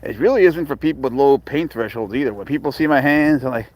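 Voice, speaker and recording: A man chatting casually on a live stream, swearing freely, laughing often and slipping into soft baby talk with his pet. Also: medium pitch, quick pace, few pauses, dry recording, low-quality recording.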